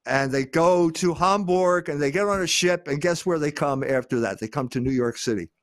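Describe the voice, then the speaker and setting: An older man speaking as a guest, lecturing on history in an emphatic way, with frequent pauses on "uh". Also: a little high, no room sound, studio quality.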